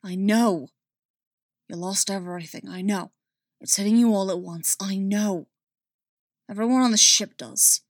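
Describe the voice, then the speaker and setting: A woman voicing a gruff alien male warrior who speaks low, soft and coaxing in a read-aloud story. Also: a little slow, pauses often, no echo, clean studio sound, lightly acted. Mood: soothing. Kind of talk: audiobook-style story reading.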